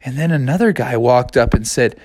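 Young man, improvised story, playful, rambling, lively pitch, close dry sound. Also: brisk, no room sound. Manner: playful, rambling storyteller who laughs along.

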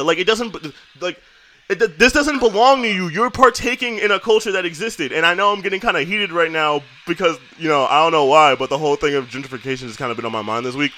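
New dude going off on a rant, bright lively voice, swears a ton. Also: male voice, high voice, a little hiss or hum. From New York. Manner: heated, rambling rant with lots of swearing. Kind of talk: casual chat.

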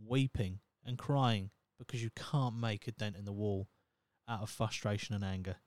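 His voice is lowish, steady and a little mellow, moving at a normal speed with no echo. He's a Norfolk podcast host in his thirties, delivering a rambling, sweary, self-mocking monologue on his own.

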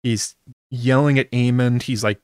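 The measured, fairly evenly intoned voice is mid-range, clear and resonant, captured in a clean studio with no room sound. He's casually recapping an episode in a wry, chatty way, letting the odd curse slip.

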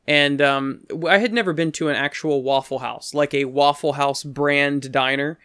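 A man's voice: steady tone, moderate pace, sharp tone, clear, resonant tone, no echo, studio quality. A man telling a rambling story in casual chat, breaking into quoted voices now and then. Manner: rambling, acts out quoted voices with pitch jumps.

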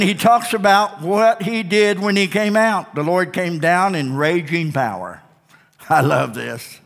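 A man's voice: fairly high pitch, fairly bright tone, long reverb tail. A male pastor preaching a Sunday night sermon, emphatic and repetitive, with whooping exclamations.

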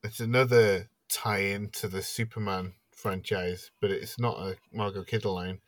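A man with a lowish voice adds dry, wry asides to a casual film chat. The sound is close with no room around it. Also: fairly even intonation, a little slow, dry recording. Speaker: podcast panelist.

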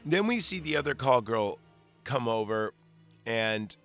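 A man's voice: medium pitch, expressive, measured pace, fairly bright tone, faint music behind. A man hosting a podcast, casually recapping a film in a rambling, profane way with lots of fillers and restarts. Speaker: podcast host.

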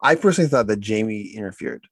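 A man's voice: fairly low pitch, expressive, quick pace, breathy edge, dry recording, studio quality. A man co-hosting a casual podcast about comics, often agreeing and retelling scenes with animation. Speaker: podcast co-host. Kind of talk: casual comic-book discussion.

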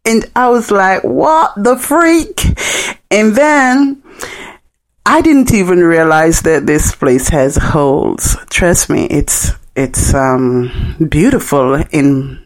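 A woman's voice: low voice, lively intonation, slow. A woman from Jamaica with a Jamaican accent hosting a podcast and chatting through funny stories. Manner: chatty, joking, laughing between lines. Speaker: podcast host. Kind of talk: casual storytelling monologue.

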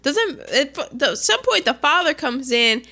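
A woman's voice: sits high, unhurried. A woman chatting casually as she retells a film's plot, acting out the lines with laughter. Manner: animated, acts out quotes with laughs. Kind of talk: casual chat retelling a film.

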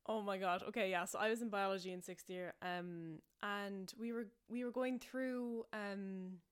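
A young woman with an Irish accent tells a story to her podcast listeners. She talks in a loose, rambling way, full of "like" and "um", and she often laughs at herself. Her voice sits at a middle pitch for a woman. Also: steady tone, measured pace, smooth. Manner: chatty and self-mocking, laughing often, many fillers. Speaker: podcast host.

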